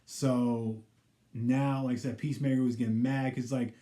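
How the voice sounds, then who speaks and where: A man's voice: mid-range voice, flat delivery, moderate pace, dark tone. A man giving a casual, rambling recap of a TV episode, full of "you know" fillers. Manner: acts out characters' quoted lines in passing. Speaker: pop culture vlogger.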